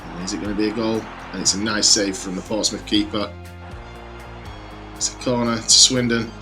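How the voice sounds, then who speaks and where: Excitable man doing football commentary. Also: fairly low pitch, moderate pace, over music. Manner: energetic, exclamatory play-by-play. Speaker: gaming YouTuber.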